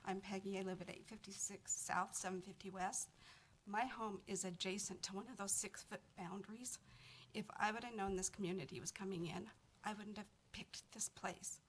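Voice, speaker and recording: A woman with a mid-pitched voice speaks at a podium microphone in a council chamber. She sounds nervous but plain, voicing her grievance directly. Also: fairly even intonation, normal speed, slight background noise. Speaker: resident giving public comment. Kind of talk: public comment at a council meeting.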